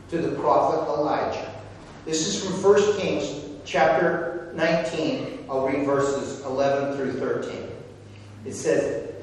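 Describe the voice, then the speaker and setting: A man preaching a sermon, speaking deliberately and dropping to a hush when he reads whispered words. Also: fairly high pitch, a little hiss or hum. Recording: echoey hall, voice from far off.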